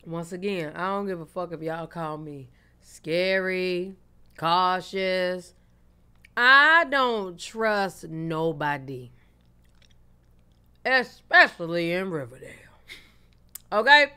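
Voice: medium pitch, expressive, takes it slowly, long pauses, pushed and bright, smooth. A reaction channel host giving emphatic, opinionated commentary.

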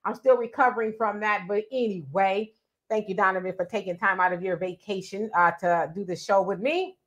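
A woman hosting a talk show about relationships, chatting in a lively, emphatic way. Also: mid-range voice, brisk, highs cut off. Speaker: show host. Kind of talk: casual talk show chat.

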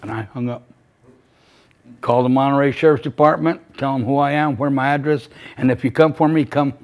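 Older man giving halting, emotional testimony. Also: medium pitch, fairly even intonation, darkish tone. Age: 70s. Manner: emotional, halting, repeats phrases. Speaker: victim's father giving testimony. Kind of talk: personal testimony to a class.

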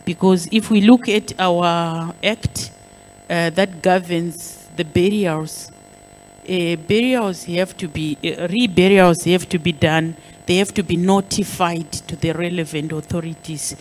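Measured woman official speaking. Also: lowish voice, darkish tone, slight background noise, rough recording. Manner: deliberate, measured, with frequent pauses and stresses on key words. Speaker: government official. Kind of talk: formal public address.

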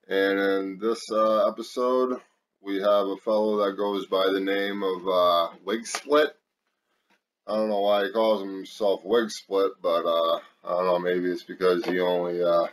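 Trash-talking man over noisy game audio. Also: sits low. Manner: aggressive, trash-talking, swearing constantly. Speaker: gaming video host. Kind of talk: profane gameplay commentary. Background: game sounds and vehicles.

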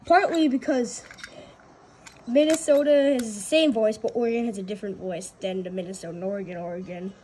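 A woman's voice: medium pitch, fairly even intonation, brisk, mellow, a little hiss or hum. A woman in playful casual banter, joking and often laughing. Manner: giggly, jokey, often laughing.

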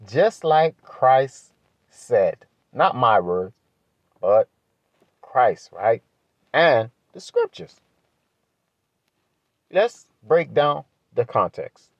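Man preaching bible verses, slow and lively, voice jumps way up on points, dry muffled sound. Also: dry recording. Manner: emphatic, rises sharply in pitch when pressing a point; asks rhetorical questions, adds "right?". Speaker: Bible teacher.

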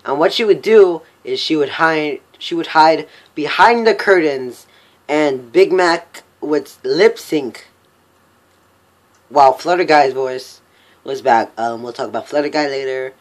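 A young man casually recapping a cartoon episode on a voice call, rambling and halting. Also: fairly high pitch. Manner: rambling, halting, full of fillers. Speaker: vlog host.

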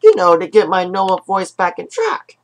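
A woman hosting a casual watch-along, rambling and giggly, often saying "so anyway," her voice cracking up into a squeaky high register. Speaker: channel host.

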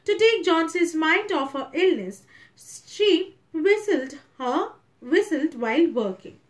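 A woman's voice: extremely high pitch, animated, slow. A woman teacher with an Indian English accent, explaining a story to a class and retelling each passage in simpler words.

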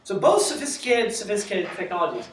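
A man's voice: high-pitched, sing-song, quick pace, distant mic. Man, conference speaker, joking, rhetorical questions, echoey lecture hall. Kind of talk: conference talk.

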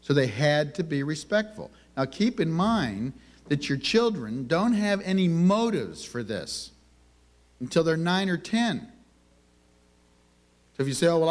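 A man giving a conversational sermon on parenting, telling family stories and asking the audience rhetorical questions. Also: on the high side. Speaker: minister teaching on parenting.

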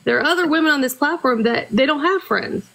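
Earnest, halting high-voiced woman. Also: creaky, bright, forceful tone. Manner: earnest, halting, starts over often. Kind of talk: casual livestream chat.

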